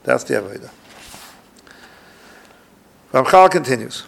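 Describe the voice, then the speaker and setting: Male rabbi teaching a class; gravelly, lively delivery, reads and translates texts. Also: mid-range voice, a little slow. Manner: reads Hebrew lines and translates each; thinks aloud with restarts. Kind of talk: religious lecture with text reading.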